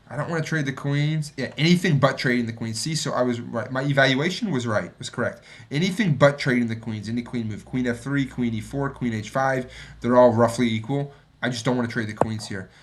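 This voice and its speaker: A man streaming himself playing chess, thinking aloud and muttering to himself, sometimes mocking his own mistakes and getting excited. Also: medium pitch, moderate pace, slight background noise. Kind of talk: thinking aloud while playing and reviewing a game.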